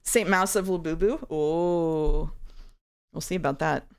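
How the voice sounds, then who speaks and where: A woman's voice: sits low, measured pace, smooth. A woman hosting a stream, chatting playfully and joking with a guest as they play music guessing games. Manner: playful, giggly, jokey. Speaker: streamer host. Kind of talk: casual chat while playing music games.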